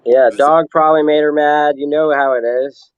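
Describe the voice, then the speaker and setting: A man's voice: on the high side, fairly even intonation, moderate pace, highs cut off. Easygoing rambling man in chat. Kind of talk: casual chat.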